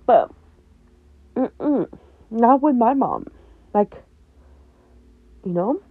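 A woman's voice: a little high, sing-song, extremely slow, no echo. A young woman hosting a podcast, talking candidly and bluntly, swearing often and laughing between heavy points. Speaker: podcast host. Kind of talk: candid personal talk. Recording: dry, tinny phone-like sound.

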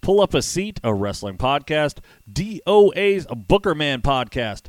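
A man hosting a wrestling podcast and chatting casually, rambling quickly with self-deprecating asides. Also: fairly high pitch, very animated, no echo. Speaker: podcast host and wrestling ring announcer.

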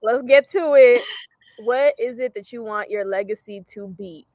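Animated young woman host, dry close sound. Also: fairly high pitch, unhurried, no room sound. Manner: animated, slangy, emphatic. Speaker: podcast host. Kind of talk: casual chat.

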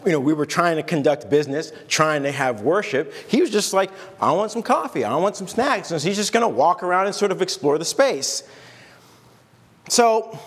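A man's voice: sits high, long reverb tail. A man preaching a sermon as pastor, in a loose, conversational way, stopping and restarting and acting out little asides. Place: church.

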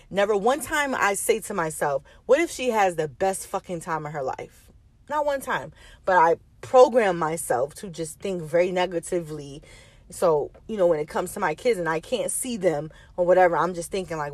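A woman's voice: on the low side, animated, normal speed, dry recording. A woman, a mother, telling a personal story in a candid, rambling way, repeating herself and swearing casually.

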